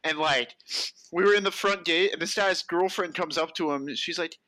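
A man's voice: on the high side, normal speed, no echo, low-quality recording. A young man co-hosting a casual podcast chat, telling stories with lots of swearing and acting out other people's lines. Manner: animated storyteller who acts out other people's lines, swears a lot. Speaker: podcast co-host.

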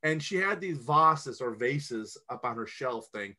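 A man's voice: mid-range voice, expressive, a little slow, sharp tone. A middle-aged man co-hosting a podcast, telling family stories in a rambling, emphatic way with many restarts. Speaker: podcast co-host. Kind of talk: casual podcast storytelling.

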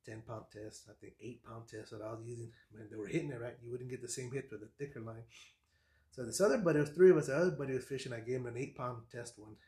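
A man, a fishing guide on a podcast, telling stories in a casual, lively way and acting out what people said. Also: medium pitch, fast, echoey room. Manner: animated storyteller, acts out quotes, laughs often. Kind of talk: casual storytelling chat.

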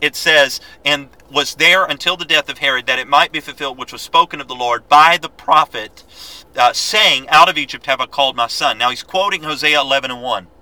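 A man teaching a Bible lesson, reading scripture aloud and exhorting his listeners in an earnest, quick-paced way with frequent restarts. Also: fairly high pitch, sharp tone, no room sound, low-quality recording.

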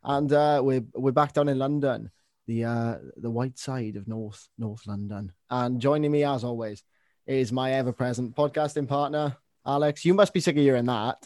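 A man's voice: medium pitch, normal speed, darkish tone, no room sound, studio quality. A man with a Welsh accent hosting a podcast in a casual, chatty, self-mocking way. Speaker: podcast host.

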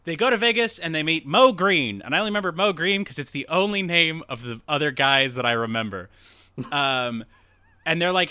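A young man co-hosting a podcast, retelling a film in a rambling, animated way and acting out quotes. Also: a little high, a little fast, smooth, no room sound. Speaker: podcast co-host. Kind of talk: casual film recap chat.

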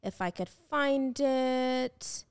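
A woman's voice: high voice, extremely slow, clean tone. An American woman hosting a podcast, chatting casually with frequent fillers and restarts. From United States. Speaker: podcast host. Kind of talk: casual chat.

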